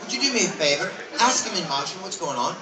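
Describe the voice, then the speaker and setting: Stage hypnotist, male, high and bouncy voice, teasing crowd-work, caught far off over a loud echoey fair crowd. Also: sing-song, fast. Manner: playful, teasing showman. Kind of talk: live comedy stage show. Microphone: audience camera from a distance. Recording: distant echoey outdoor crowd recording.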